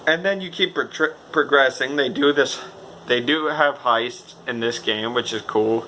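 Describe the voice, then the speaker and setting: A man giving a casual, rambling video game review, excitable and swearing freely. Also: mid-range voice, unhurried, a little hiss or hum, low-quality recording.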